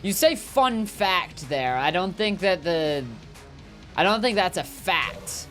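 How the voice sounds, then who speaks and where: A man talks loosely over his gameplay, riffing on whatever comes to mind. His delivery is jokey and wandering, full of little fillers and restarts. Quiet game music sits underneath. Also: high-pitched, animated, takes it slowly. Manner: rambling, jokey, lots of fillers. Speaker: gaming streamer. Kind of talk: casual gameplay commentary, reading chat.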